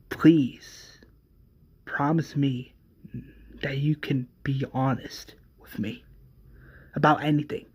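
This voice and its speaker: Man voicing a husband, hushed, half-whispered, very slow. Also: medium pitch, husky. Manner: soft, hushed, partly whispered. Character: grown man quietly forgiving his wife.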